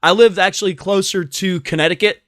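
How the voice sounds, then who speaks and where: A man's voice: sits high, fairly even intonation, a little fast, a bit bright, no room sound, studio quality. A man from Massachusetts hosting a casual podcast chat, playful and chatty, laughing often and rambling with fillers. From Massachusetts, USA. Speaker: podcast host.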